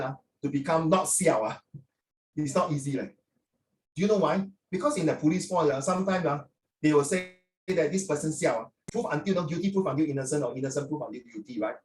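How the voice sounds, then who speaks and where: An older man with a Singaporean accent lectures his class, chatty and preachy, and his speech is full of local particles. His voice sits a little high for a man. He sounds set back from the mic in a roomy, echoey space. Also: darkish tone. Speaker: teacher. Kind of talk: classroom talk to students. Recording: roomy echo, from far off.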